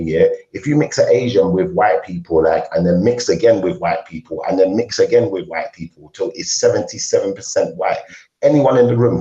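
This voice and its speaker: A man's voice: lowish voice, mellow. A man arguing insistently in a heated online debate, repeating his points. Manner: insistent, confrontational, repeats himself. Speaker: debate participant. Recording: dull, roomy lo-fi audio.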